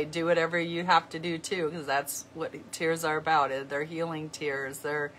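A middle-aged woman talking to her viewers in an earnest, heartfelt way, often halting and restarting her sentences. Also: deep voice, little pitch movement, a bit bright, a little hiss or hum. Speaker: vlogger. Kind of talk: heartfelt casual talk to viewers.

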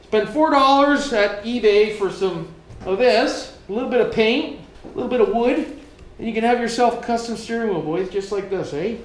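A man's voice: high-pitched, normal speed, slight background noise. A Canadian man vlogging casually as he works, joking and swearing and talking to his viewers as "boys". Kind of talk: casual vlog while working. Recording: echoey room.

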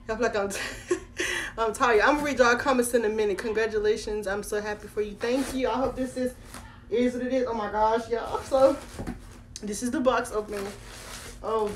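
A teenage girl from Florida excitedly unboxing on her phone, talking straight to her viewers. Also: fairly high pitch. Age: late teens. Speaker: doll collector vlogger. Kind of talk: casual unboxing vlog. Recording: echoey room, faint background noise.

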